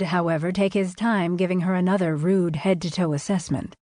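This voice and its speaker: A woman reading a historical romance audiobook in measured, expressive storytelling narration. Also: lowish voice, no echo, clean studio sound.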